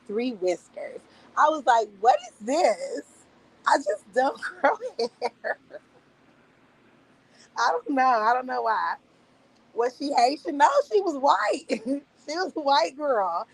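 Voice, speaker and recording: A woman in her thirties streaming, telling casual stories in a profane, laughing, animated way. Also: on the high side, husky, rough recording. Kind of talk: casual storytelling monologue. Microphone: streaming mic.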